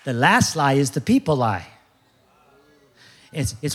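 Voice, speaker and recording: A man preaching a sermon as pastor before a large church, animated and jokey, acting out other people's voices. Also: medium pitch, measured pace, long pauses, slightly rough.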